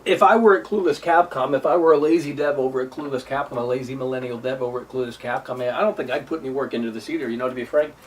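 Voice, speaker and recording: A man's voice: fairly even intonation, racing, hardly any pauses. A man hosting a live stream, ranting combatively about a game and mocking his critics in a whiny put-on voice. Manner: sarcastic, mocking imitations in a high whiny voice; repetitive, combative. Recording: distant mic with faint noise.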